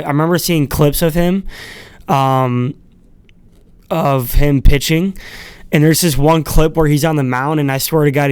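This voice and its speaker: A man talks on his own in a loose, rambling podcast monologue, with many fillers and little chuckles between thoughts. His voice is smooth and resonant at a middle pitch, and the sound is close and dry. He swears freely in an easygoing, irreverent way. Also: no room sound. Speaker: podcast host. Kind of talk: casual solo monologue.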